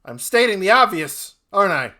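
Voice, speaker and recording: A man's voice: high-pitched, very animated, moderate pace, bright, forceful tone, pitched above the performer's own voice, full character voice. A man voicing a flustered male wizard who hurries to state the obvious. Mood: urgent.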